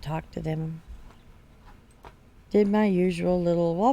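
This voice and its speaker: Woman streamer in her 30s, unhurried and gravelly; blunt, swears freely while chatting over a game. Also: on the low side, steady tone, dark tone, highs cut off. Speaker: gaming streamer. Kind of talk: casual storytelling over gameplay.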